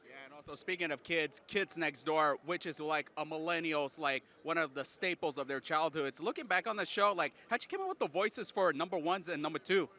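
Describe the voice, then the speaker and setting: An upbeat man hosting a convention interview speaks quickly in a very bright, sharp voice. His questions come eager and loose, packed with fillers, recorded outdoors among the event. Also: on the high side.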